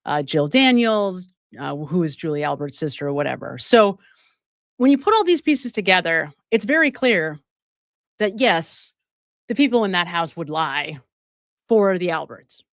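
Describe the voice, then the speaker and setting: This true crime livestreamer speaks at a measured pace in a lowish voice, addressing viewers directly, full of emphatic asides and frequent laughs mid-sentence. The sound is studio quality, without any room echo.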